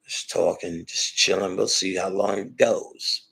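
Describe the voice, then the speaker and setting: Man, livestream host, gravelly, husky, low voice, rambling profane chat. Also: fairly even intonation, unhurried, a bit bright, low-quality recording. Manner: rambling, laughing, swearing, slangy.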